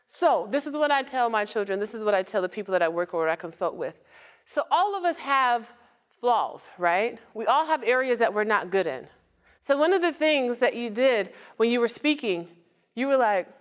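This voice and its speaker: A woman speaks to a live audience in a motivational talk, her voice sitting a little high and swinging widely in pitch. She talks like she is chatting, tossing questions at the crowd and joking. She comes across as a nonprofit founder sharing hard-won lessons. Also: clear, resonant tone. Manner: lively, conversational, asks the audience questions and jokes.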